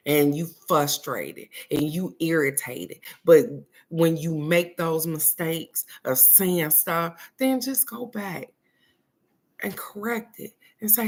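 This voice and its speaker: A woman's voice: deep voice, unhurried. A middle-aged woman host gives casual spoken advice in a blunt, preachy way and swears freely.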